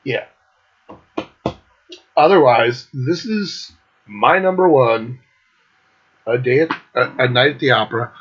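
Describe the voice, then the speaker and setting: A man's voice: mid-range voice, takes it slowly, pauses often, breathy edge. A man hosting his own music show, ranking albums in a casual monologue, blunt and enthusiastic, swearing constantly. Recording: dull lo-fi recording.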